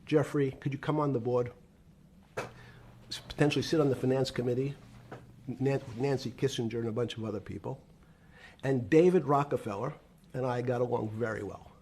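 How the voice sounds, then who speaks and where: An older man in a played interview clip, telling measured anecdotes about his past in business. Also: mid-range voice, darkish tone, a little hiss or hum. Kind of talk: reminiscing storytelling.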